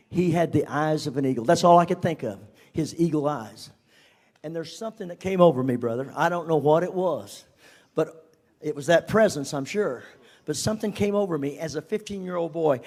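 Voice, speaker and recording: A man's voice: on the high side, brisk, a little mellow. An older man telling a personal testimony in a folksy, self-mocking way, chuckling at himself as he goes. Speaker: guest speaker.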